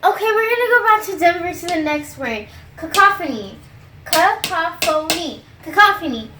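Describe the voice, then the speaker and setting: A young woman in a comedy sketch, playing a teacher who spells out words slowly with exaggerated patience. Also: extremely high pitch, big pitch swings, pushed and bright, echoey room, slight background noise. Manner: exaggerated, patient-then-exasperated teacher delivery, stretches out words.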